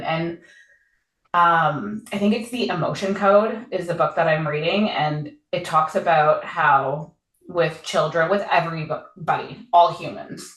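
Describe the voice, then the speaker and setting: A woman in her thirties chats candidly and rambles along, breaking into easy laughs. Her voice sits a little low. The room around her rings with echo. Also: fairly bright tone. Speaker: podcast co-host. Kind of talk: casual chat. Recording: echoey room.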